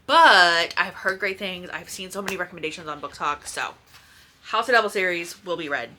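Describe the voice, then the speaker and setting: A book vlogger rambles in casual chat at home near her bookshelves, talking to a camera set in front of her and swearing every so often. Her fairly low voice is animated, pushed and bright at a normal speed, with a slight hiss or hum.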